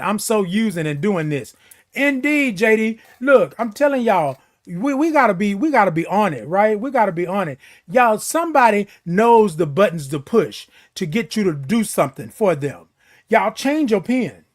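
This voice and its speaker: A man hosting a casual morning livestream, reading viewer comments aloud and answering them, saying "indeed" and "y'all" a lot. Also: high-pitched. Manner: says "indeed" and "y'all" often. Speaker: livestream host.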